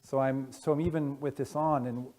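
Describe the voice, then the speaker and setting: A man giving a casual conference talk to an audience, halting, with many fillers and restarts. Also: medium pitch, steady tone, dark tone. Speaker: conference speaker. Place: conference room. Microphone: wearing headphones with a masking device.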